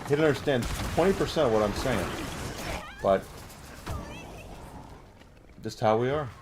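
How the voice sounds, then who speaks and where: A man's voice: mid-range voice, lively intonation, measured pace, noisy background. A man chatting casually while playing a video game, rambling with lots of fillers. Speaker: gamer. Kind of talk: casual gameplay commentary.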